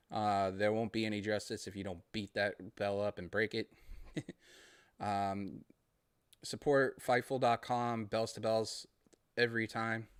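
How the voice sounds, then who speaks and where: Low-voiced man with a Boston accent. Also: clear, resonant tone, no echo. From Massachusetts. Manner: rambling, friendly, laughs between thoughts. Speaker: podcast host. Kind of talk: casual solo podcast monologue.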